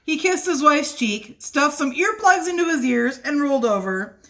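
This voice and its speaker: A woman reading a children's picture book aloud for a library storytime, playful and expressive, at home. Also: high-pitched, normal speed.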